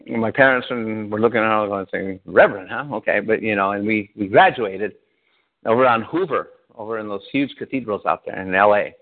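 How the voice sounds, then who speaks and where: Man telling his story over a tinny line. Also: fairly low pitch. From Southern California. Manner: animated storytelling, often laughing. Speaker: pastor. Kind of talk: personal testimony. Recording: tinny phone-like sound.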